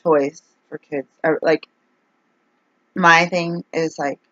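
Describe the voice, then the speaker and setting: A woman's voice: sits low, fairly even intonation, slow pace, fairly bright tone, dry recording. Exasperated rambling woman, dull dry recording. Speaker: vlogger. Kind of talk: casual vlog rant.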